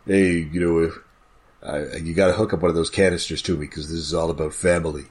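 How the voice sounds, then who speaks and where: A man putting on an impression of a gruff, deep-voiced action star who is all about family. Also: steady tone, fast, darkish tone. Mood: mock solemn.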